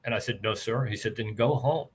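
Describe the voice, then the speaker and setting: A man's voice: on the low side, fairly quick, slightly rough. An older man, a retired army officer, talking earnestly and plainly about leadership as an interview guest.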